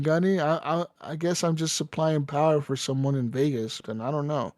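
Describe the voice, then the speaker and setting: Profane, animated male podcast co-host. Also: on the high side, moderate pace, no room sound, studio quality. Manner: profane, animated storytelling with mocking voices. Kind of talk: casual podcast chat.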